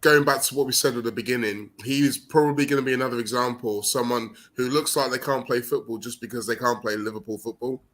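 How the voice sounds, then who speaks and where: A man on a football podcast panel, talking through transfer news in a measured, analytical way. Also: medium pitch, fairly even intonation, fairly bright tone. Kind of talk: casual football chat.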